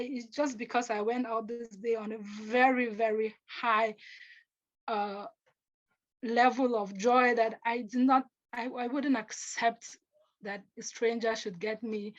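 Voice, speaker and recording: A young woman from Africa telling personal stories as a panelist, earnest and halting, often restarting her sentences and acting out what others said. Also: a little high, dull audio. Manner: earnest, halting, with restarts, acts out quoted speech.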